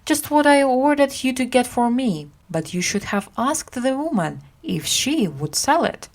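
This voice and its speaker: A woman's voice: sits high, sing-song, unhurried, a little mellow, pitched above the performer's own voice, full character voice. A woman reading aloud and voicing a jolly, bold knight in a storybook. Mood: hearty.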